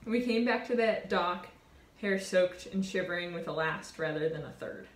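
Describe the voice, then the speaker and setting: A woman in her twenties, a college sailor, telling a reflective personal story in an earnest, warm way. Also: fairly low pitch, moderate pace, roomy sound. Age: 20s. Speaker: college sailor and award winner.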